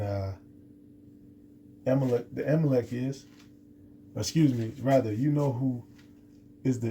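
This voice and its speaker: A man teaches scripture off the cuff in a deeply mellow, dark voice. He rambles, circles back and stumbles over his words with plenty of fillers. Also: slight background noise. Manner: rambling, many restarts and fillers. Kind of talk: unscripted scripture lesson.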